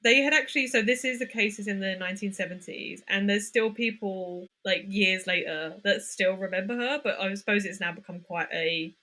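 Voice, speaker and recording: A woman's voice: mid-range voice, normal speed, few pauses, pushed and bright. A young woman co-hosting a casual true-crime podcast, reading from her notes and laughing often. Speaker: podcast co-host.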